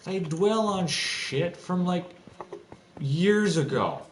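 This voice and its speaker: A man's voice: sits high, animated, slow pace. A young man ranting in an agitated, profane, rambling monologue with frequent restarts, recorded in a home room with faint typing behind. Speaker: streamer. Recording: echoey room, faint background noise.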